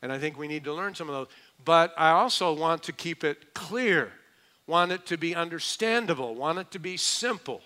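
A man's voice: on the high side, expressive, normal speed, bright, forceful tone. A middle-aged man preaching a verse-by-verse sermon as pastor, conversational with joking asides. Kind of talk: expository sermon.

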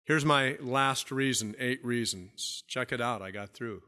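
A man preaching a sermon as pastor, emphatic, repeating key phrases, asking questions and dropping low and soft for stress. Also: unhurried.

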